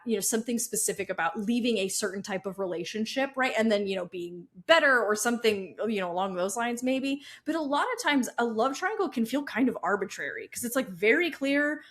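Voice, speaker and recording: An American woman co-hosting a podcast, talking thoughtfully about a book in casual chat, full of fillers and light laughs. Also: on the high side. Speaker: podcast co-host.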